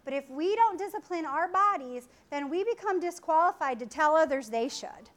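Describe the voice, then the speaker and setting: A woman preaching a sermon in an animated way, acting out voices and laughing often. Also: sits high, moderate pace.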